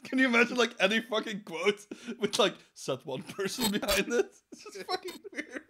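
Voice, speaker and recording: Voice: mid-range voice, big pitch swings, moderate pace, a bit bright. A podcast co-host riffing crudely and swearing in casual comedy banter. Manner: crude, swears, riffs on the reading.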